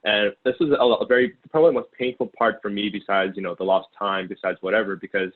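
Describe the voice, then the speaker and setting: A Ukrainian-born man in his twenties, a former sales intern appearing as a guest, tells his story in a casual interview. He rambles quickly and loosely with many fillers and restarts, in a somewhat low, husky voice with a steady tone. The sound is narrow and tinny, like a phone line.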